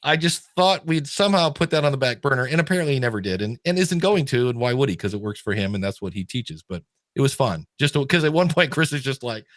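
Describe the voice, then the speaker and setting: A middle-aged man hosting a podcast, telling a story in a casual, animated way with excited restarts. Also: mid-range voice, quick pace, no echo, studio quality. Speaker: podcast host.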